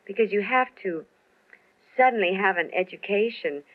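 A woman's voice: mid-range voice, lively intonation, moderate pace. A woman entertainer chatting in a radio interview, rambling, laughing and using lots of fillers. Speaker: entertainer guest. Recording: tinny old radio broadcast.

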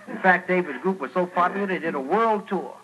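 High-voiced man telling a jive comic tale. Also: a little fast, lo-fi sound. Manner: jive street-talk retelling of a Bible story, shrill put-on screams. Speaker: stand-up comedian. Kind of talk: stand-up storytelling. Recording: noisy old radio broadcast.

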